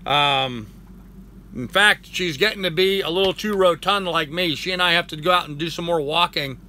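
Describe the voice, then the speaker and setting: An older man hosting a relaxed live stream from home, his voice bright and edgy, sitting a little high for a man. He rambles along, thanking chatters by name and cooing at his dog in between. A faint hiss sits under him. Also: normal speed. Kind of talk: casual live chat.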